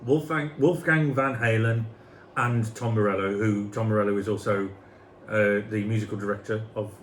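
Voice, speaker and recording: A man's voice: lowish voice, steady tone, normal speed. A man with a Black Country accent, a guest in a casual chat, laid-back and reading news aloud. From Black Country, England. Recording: echoey room with faint noise.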